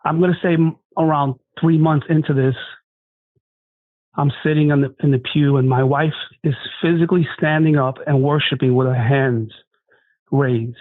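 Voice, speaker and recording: A man telling an emotional personal testimony in an earnest, halting way, often restarting his sentences. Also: fairly high pitch, steady tone, no room sound. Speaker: guest sharing a testimony. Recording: tinny phone-line sound, dry.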